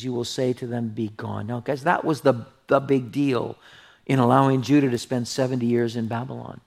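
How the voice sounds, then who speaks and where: A man's voice: mid-range voice, vocal fry. A man pastor teaching through a Bible passage in an earnest sermon, reading scripture aloud and commenting on it conversationally. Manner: earnest, drops to a hushed whisper for tender asides.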